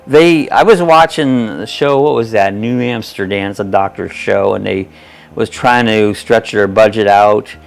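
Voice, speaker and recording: Gravelly older man chatting folksily. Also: fairly low pitch, unhurried. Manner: folksy and rambling, chuckles often, reads comments aloud. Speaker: host of a live chat stream. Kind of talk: casual chat reading viewer comments.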